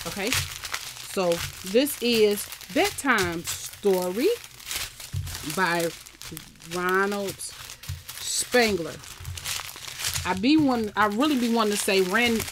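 Woman vlogger, casual and chatty, faint noise in the background. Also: medium pitch. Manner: chatty, talks to viewers and camera. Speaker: crafting vlogger. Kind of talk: casual unboxing chat.

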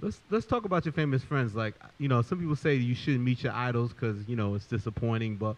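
A man's voice: medium pitch, quick pace. A man hosting an interview, asking long, loose questions packed with "like" and "you know". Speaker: interview host. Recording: muffled lo-fi audio.

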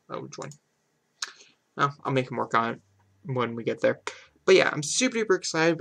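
Chatty young-sounding man with vocal fry. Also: medium pitch. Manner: chatty and excitable, swings into exasperated ranting; heavy filler "like", "super duper". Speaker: gaming channel host. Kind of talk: casual let's-play commentary.

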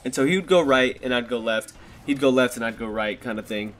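A man's voice: mid-range voice, a little fast, slight background noise. A man in his twenties telling a story casually to his viewers, rambling, swearing often and laughing at himself, recorded on a desktop microphone. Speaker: vlogger. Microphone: desktop USB microphone.

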